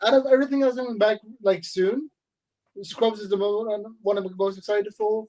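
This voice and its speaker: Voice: medium pitch, fairly even intonation, normal speed, warm tone. A speaker in casual chat on a geek podcast, chiming in with short remarks and bringing up new topics.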